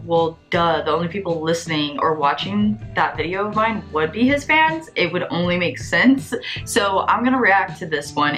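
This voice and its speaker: A woman vlogger rants casually to her viewers, chatty and exasperated, her talk peppered with "like". Her pitch sits in a middle range. Faint music plays underneath. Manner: animated, exasperated, chatty with many "like"s. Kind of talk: casual rant to camera.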